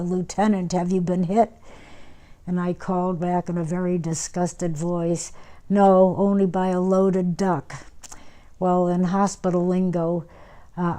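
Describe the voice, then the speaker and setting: Elderly woman, low flat mellow voice. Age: 90s. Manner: unhurried reminiscing with many fillers and restarts. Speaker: war veteran interviewee. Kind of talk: oral history interview.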